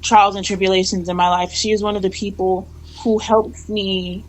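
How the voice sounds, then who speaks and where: A woman's voice: medium pitch, level tone, normal speed, poor audio. A young woman, a guest on a talk show, speaking thoughtfully about her grandmother. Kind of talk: personal story.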